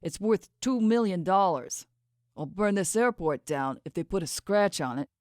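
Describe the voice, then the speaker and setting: A man's voice: sits high, expressive, normal speed, no echo, clean studio sound. A woman doing a breezy, teasing young man. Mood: easygoing. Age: 20s. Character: carefree young man, backpacking musician.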